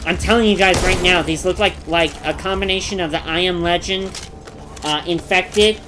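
A young man hosting a gameplay stream, gushing and exclaiming excitedly as he plays. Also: sits high, normal speed. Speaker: gaming streamer host. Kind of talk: live gameplay commentary. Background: game music and gunfire.

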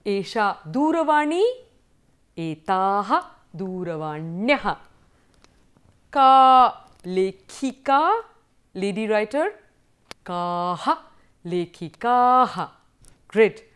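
A woman's voice: mid-range voice, expressive, slow, long pauses, smooth. A woman teaching a university lecture, drilling word forms and praising answers as she goes. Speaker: Sanskrit teacher.

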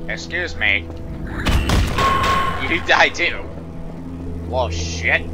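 A man in his twenties commenting on his own game playthrough, muttering and swearing with sudden excited outbursts. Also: mid-range voice, drawn-out words. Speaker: gaming channel host. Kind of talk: let's play commentary. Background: loud game music and gunfire.

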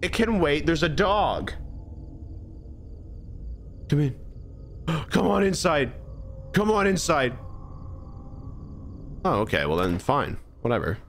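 A man's voice: on the high side, big pitch swings, slow, pauses often, a bit bright, faint music behind. A young man streaming a horror game, chatting and joking to himself as he plays. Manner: chatty, jokey, talks to himself. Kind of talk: live gameplay commentary.

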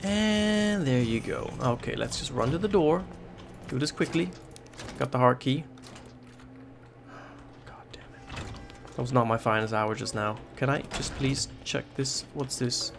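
Over some background noise, a male gaming YouTuber delivers nervous, profanity-laced horror-game commentary, repeating himself under stress. His voice is mid-range with vocal fry, at a moderate pace.

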